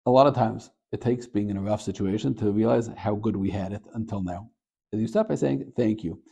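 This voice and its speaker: A man, a rabbi and Torah teacher, giving a short Torah talk as an animated storyteller. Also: fairly quick, gravelly, husky, muffled recording. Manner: animated storyteller, gets louder and higher at the story's peak.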